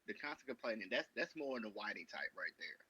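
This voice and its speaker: Husky man on a dull lo-fi mic. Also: fairly low pitch, very animated, quick pace, bright, forceful tone, dry recording. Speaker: podcast panelist. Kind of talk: casual podcast chat.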